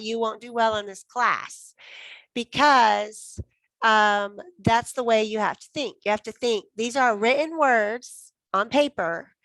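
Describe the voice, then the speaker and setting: Brief: woman teaching Spanish, fairly high voice, dry phone sound, slow drills. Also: a bit bright, no echo. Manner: drills phrases slowly and repeats them, with sudden high bursts. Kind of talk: casual online language lesson.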